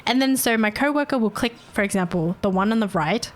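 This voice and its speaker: A woman's voice: mid-range voice, lively intonation, brisk. Woman streamer venting, swearing freely. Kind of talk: casual chat with viewers.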